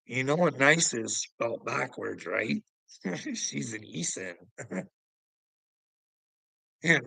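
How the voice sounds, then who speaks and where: Rambling man with a gravelly, husky voice. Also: lowish voice, bright, forceful tone, dry recording, rough recording. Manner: laughs often, swears, rambles and addresses viewers. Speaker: livestream host. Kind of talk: rambling casual livestream chat.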